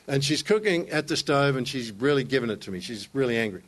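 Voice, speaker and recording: A man's voice: mid-range voice, expressive, fast. Emphatic storytelling male preacher. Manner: storytelling, emphatic, rising to raised intensity. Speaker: pastor. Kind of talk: sermon.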